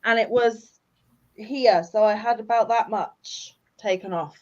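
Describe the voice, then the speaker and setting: This livestream host has a fairly high voice and speaks a little slowly, with the high frequencies cut off in the recording. She keeps the chat casual, reading out viewer comments, poking fun at herself, and laughing a lot.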